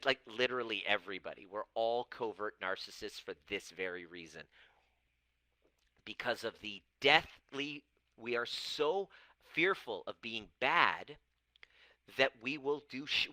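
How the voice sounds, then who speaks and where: A man's voice: on the low side, pushed and bright, no echo, low-quality recording. A man of Persian background talking as a coach, blunt and swearing freely, acting out quoted voices as he goes. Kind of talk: casual talk to camera.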